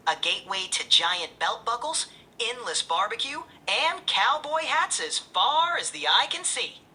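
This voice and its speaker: A woman's voice: a little high, sing-song, unhurried, pushed and bright. A synthetic woman's voice acting as an AI assistant, answering in a cheerful, eager and polished way. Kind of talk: upbeat assistant replies.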